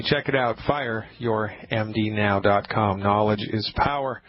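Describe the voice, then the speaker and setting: A man's voice: fairly low pitch, a little slow. A man hosting a call-in radio show, talking emphatically and repeating himself for effect as he rants. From Nantucket, USA. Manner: emphatic, repetitive ranting. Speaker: radio talk show host. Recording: dull radio broadcast sound.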